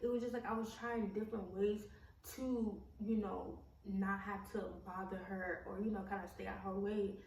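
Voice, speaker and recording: A woman's voice: medium pitch, level tone, normal speed, a little mellow. A young woman telling a personal story in a casual vlog, blunt and full of swearing, with many "like" and "um" fillers. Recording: roomy echo, mic at a distance, faint background noise.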